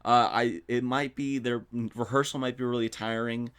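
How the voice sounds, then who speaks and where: A young man hosting a solo podcast, telling stories in a casual, animated way with some swearing. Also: medium pitch, moderate pace, clear, resonant tone. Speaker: podcast host. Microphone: studio mic.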